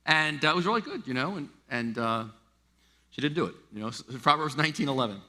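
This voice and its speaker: A middle-aged man from the United States preaching a sermon as a pastor, animated and stammering through restarts as he acts out quoted voices. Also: on the high side, fast talker. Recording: long reverb of a large hall.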